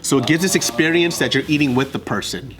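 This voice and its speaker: A man's voice: medium pitch, animated, quick pace, poor audio. A man in a casual group chat, explaining things at length with plenty of restarts. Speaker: commentator.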